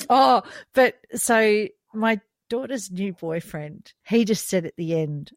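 A woman's voice: medium pitch, slow, no room sound. Chatty woman, dry close sound. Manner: lively, laughs often while telling stories. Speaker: podcast co-host. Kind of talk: casual storytelling chat.

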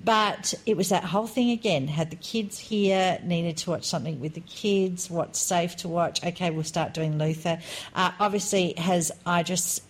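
A woman in her forties co-hosts a relaxed podcast chat, her voice pitched a little low. She tells stories with animated energy and lively emphasis. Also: normal speed. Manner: chatty, animated storytelling. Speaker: podcast co-host. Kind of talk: casual chat.

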